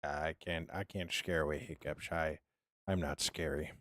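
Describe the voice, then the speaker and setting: A man talking casually to his live-stream chat while he builds in a game, mumbling and humming to himself, and clearing his throat now and then because he is sick. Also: rumbling low, moderate pace. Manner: relaxed, mumbling to himself, humming filler sounds.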